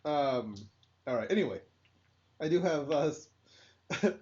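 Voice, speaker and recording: A man's voice: on the high side, animated, a little slow, a little mellow. A man co-hosting a casual podcast, easygoing and profane, often laughing. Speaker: podcast co-host. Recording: dull lo-fi podcast audio.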